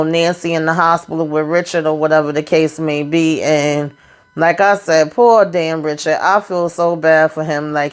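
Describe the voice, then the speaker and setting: A woman's voice: deep voice, smooth. Chatty woman recapping a TV episode. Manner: chatty, slangy, talks straight to viewers. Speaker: TV recap vlogger.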